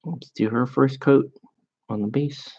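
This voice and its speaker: Chatting while he paints miniatures at his desk, this man speaks in a medium-pitched, somewhat mellow voice with a breathy edge. His talk is slow, rambling, and tickled by its own jokes, and the audio is dull and lo-fi.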